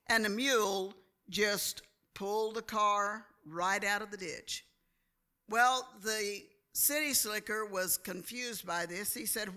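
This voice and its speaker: A woman preaching a sermon in a slow, deliberate way, often calling for an amen from the listeners. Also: medium pitch, sharp tone. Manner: slow, deliberate delivery, calls for amens. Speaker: church speaker.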